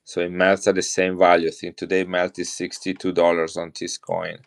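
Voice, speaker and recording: A deep-voiced middle-aged man with an Italian accent talks casually on a live stream. He chats with viewers and shows off coins as he goes. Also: monotone, a little fast, creaky. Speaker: coin seller on a live stream.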